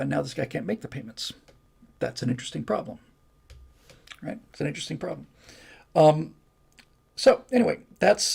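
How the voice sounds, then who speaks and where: A man's voice: fairly high pitch, gravelly, darkish tone, slightly rough. An older man hosting a live stream, chatting casually and reading comments in a rambling, folksy way. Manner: rambling, folksy, restarts and asides.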